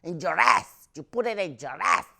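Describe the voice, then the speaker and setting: A man voicing a tiny, fiery immigrant mother with a Mexican accent, shrill and bossy. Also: lively intonation, moderate pace, gravelly, pushed and bright, heavily acted.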